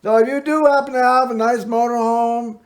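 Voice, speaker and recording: A man's voice: very high-pitched, steady tone, a little fast. A middle-aged man hosting a local access TV show, telling rambling personal stories to the camera in a folksy, meandering way. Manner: folksy, meandering storytelling with frequent "you know" and "anyway".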